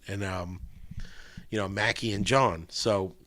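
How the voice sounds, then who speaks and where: Man, podcast guest, low voice, dry close sound, rambling storyteller, swears freely. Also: fairly even intonation, normal speed, vocal fry, a bit bright, no room sound. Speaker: guest guitarist. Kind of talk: casual podcast interview.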